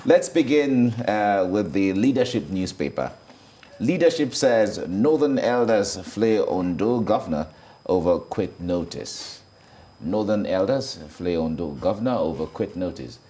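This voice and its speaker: A Nigerian-accented man with a very low voice reads out the morning's newspaper headlines. He is measured and deliberate, often repeating each headline a second time. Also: expressive, warm tone. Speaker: news presenter. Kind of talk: newspaper review reading headlines.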